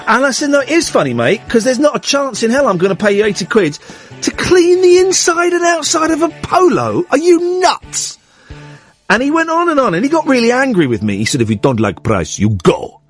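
A husky-voiced man hosting a radio show, telling a story with a high, swooping delivery. He keeps checking in with "right?" and acts out the other people in it. Faint music sits under his voice. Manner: animated anecdote-telling with lots of "right?" and acted quotes. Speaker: radio host. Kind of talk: casual radio chat, storytelling.

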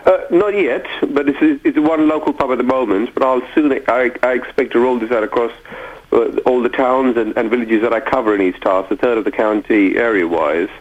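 A man's voice: medium pitch, fairly quick. A man who is a police chief inspector, speaking in a hesitant way full of fillers during a radio interview on the phone. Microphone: telephone. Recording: tinny phone line.

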